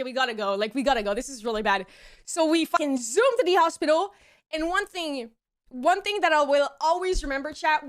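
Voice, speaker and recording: A young woman streamer telling a story to her chat in a casual, animated way, swearing often and restarting her sentences. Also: high-pitched. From Canada.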